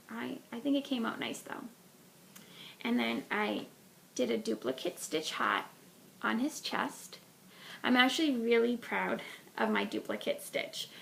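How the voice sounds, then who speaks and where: A woman's voice: on the high side, gravelly, a bit bright, a little hiss or hum. A woman hosting a knitting podcast, chatting casually about a project with lots of ums and restarts.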